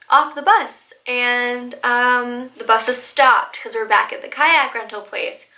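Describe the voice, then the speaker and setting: A woman in her twenties tells a storytime vlog in an excitable, animated way, with plenty of likes and laughter. Her voice sits high and sounds bright and forward. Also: normal speed, hardly any pauses, poor audio. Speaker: vlogger.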